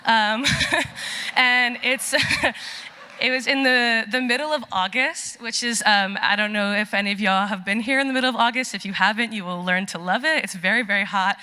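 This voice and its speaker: A young woman telling a personal story on stage, chatty and animated, acting out the voices she quotes. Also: fairly high pitch, normal speed, smooth. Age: young adult. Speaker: student storyteller. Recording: long reverb of a large hall.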